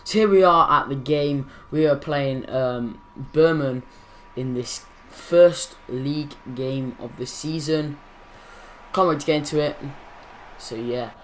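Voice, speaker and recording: A man's voice: fairly high pitch, takes it slowly. A young man hosting his gaming channel, casually commenting over football game footage, rambling and correcting his own slips.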